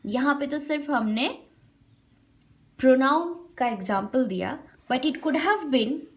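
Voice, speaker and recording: A woman teaching a grammar lesson to children, repeating example sentences slowly and explaining them. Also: high voice, expressive.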